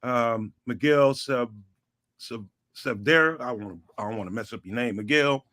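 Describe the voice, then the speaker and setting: A man's voice: medium pitch, moderate pace, fairly bright tone. A man, guest on a sports talk show, talking casually with lots of slang and repeated fillers. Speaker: guest, network founder.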